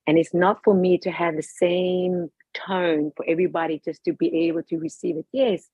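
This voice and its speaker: A woman's voice: fairly low pitch, little pitch movement, moderate pace, warm tone, slightly rough, dry recording. A woman guest talking with passion, emphatic and outspoken about her views. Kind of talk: passionate personal talk. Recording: dull lo-fi recording.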